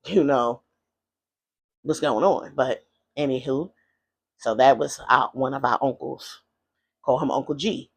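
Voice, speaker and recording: A vlogger telling a personal story in a rambling, hesitant way, full of fillers and restarts. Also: male voice, medium pitch.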